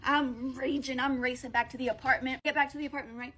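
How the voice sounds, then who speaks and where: High-voiced woman telling a story. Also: very fast. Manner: profane, animated and blunt. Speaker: vlogger. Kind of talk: casual storytelling.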